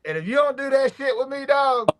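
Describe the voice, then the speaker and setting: A man's voice: very high-pitched, expressive, a little fast, fairly bright tone. A man judging on an online music show, talking in loose slangy banter and ranting with lots of restarts. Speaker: judge on a music competition show. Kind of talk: casual chat.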